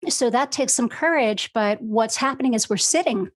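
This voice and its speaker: A woman's voice: a little high, moderate pace, no echo. Chatty woman coach, dry close sound. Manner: explains fluidly with many fillers like "you know" and "right". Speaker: voice and communication coach, guest. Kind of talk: casual podcast conversation. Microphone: video call.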